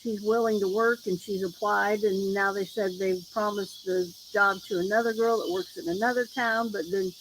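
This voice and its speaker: Hardly pausing, a livestream host talks at normal speed in a steady, mid-range voice over a noisy background. She's recording on her phone outdoors near a road at night, crickets and insects loud behind her, and her stories ramble as she acts out what others said.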